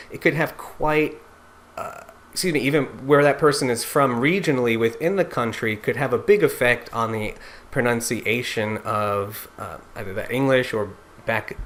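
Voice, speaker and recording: A man's voice: mid-range voice, fairly bright tone. A man teaching singers in an informal lecture, explaining step by step in a conversational way. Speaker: singing teacher.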